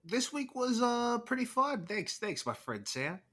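Man, podcast co-host, bright, animated, giggly. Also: very high-pitched, unhurried. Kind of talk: casual chat.

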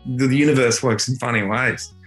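A man's voice: medium pitch, fairly even intonation, fairly quick, a bit bright, soft background music. A middle-aged Australian man telling a heartfelt personal story in an earnest, reflective way. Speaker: father and guitar teacher.

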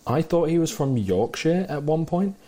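A man's voice: fairly high pitch, expressive, moderate pace, mellow. A man chatting enthusiastically about a film, recounting the small details he loved. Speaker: film podcast co-host. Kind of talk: casual conversation.

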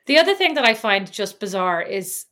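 A woman's voice: mid-range voice, big pitch swings, normal speed, a bit bright. A woman in her thirties with an Irish accent, co-hosting a podcast in casual, wry, self-deprecating chat. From Ireland. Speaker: podcast co-host.

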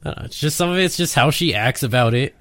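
A man's voice: on the high side, animated, fast, fairly bright tone, dry recording. A man co-hosting a casual film-discussion podcast who chimes in with short, blunt remarks. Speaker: podcast co-host.

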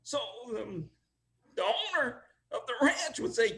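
A man's voice: extremely high pitch, sing-song, measured pace, gravelly, pushed and bright. An older man telling oral history as an interview guest, emotional and often laughing as he speaks.

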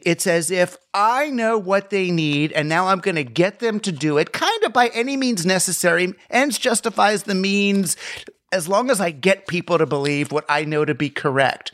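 A man hosting a podcast in casual conversation, animated and thinking aloud, often restarting his sentences. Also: high-pitched. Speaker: podcast host.

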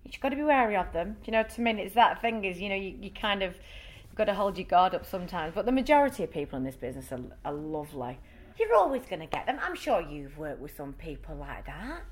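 An actress chatting as a guest in a casual interview, talking freely and often checking in with "you know". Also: female voice, fairly low pitch, very animated, fast talker.

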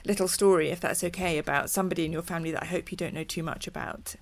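A woman hosting a podcast, who steers a casual interview and drops in friendly asides. Her voice sits a little low for a woman, and she keeps a conversational flow. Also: fairly even intonation, racing. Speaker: podcast host.

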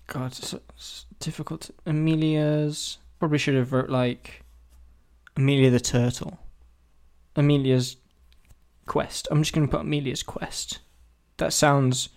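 A man's voice: mid-range voice, darkish tone. A man hosting a solo podcast, rambling and self-deprecating as he thinks aloud with many restarts. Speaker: podcast host. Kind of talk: solo casual podcast brainstorming.

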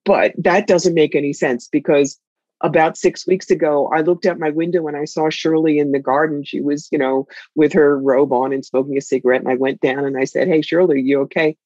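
A woman's voice: deep voice, steady tone, a little fast, a little mellow, dry recording, lo-fi sound. A woman voicing a hesitant, shy male neighbor who stumbles as he starts to speak. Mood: earnest.

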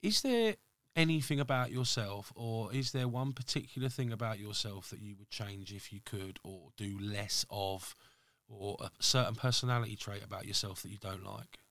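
A man's voice: on the low side, moderate pace, fairly bright tone, no echo. A male podcast host in casual conversation, outspoken and frank, who swears a lot.

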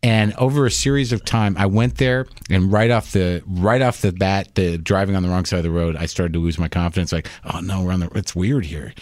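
A man's voice: deep voice, brisk, hardly any pauses. A man, a comedian hosting a casual conversation, telling a long rambling anecdote and acting out other people's voices. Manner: rambling, animated storyteller who acts out voices. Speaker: podcast host and comedian.

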